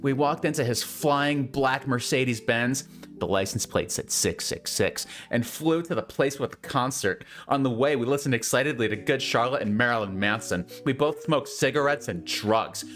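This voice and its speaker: A man's voice: medium pitch, normal speed, fairly bright tone, faint music behind. A man giving a comedic dramatic reading, amused and stopping to comment. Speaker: host reading fanfiction aloud.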